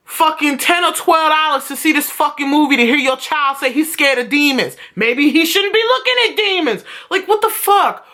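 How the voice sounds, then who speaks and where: A woman's voice: sits high, normal speed, hardly any pauses, pushed and bright. A young woman vlogging at home, telling stories in a blunt, profane rant. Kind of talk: casual vlog rant.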